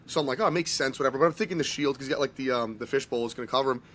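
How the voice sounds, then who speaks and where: This man co-hosts a podcast as a hockey dad who never played the game. He talks quickly and makes jokes at his own expense, and his pitch sits in a man's middle range. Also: a bit bright. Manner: self-deprecating and chatty, acts out what others said. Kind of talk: casual podcast conversation.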